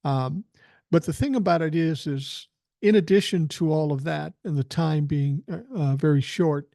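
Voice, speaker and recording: Chatty older guy hosting his podcast, rambly, lots of ums, voice a little high, close dry sound. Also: moderate pace, vocal fry, warm tone, no room sound. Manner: rambling, chatty, with filler words. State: feeling unwell. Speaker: podcast host. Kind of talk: casual storytelling.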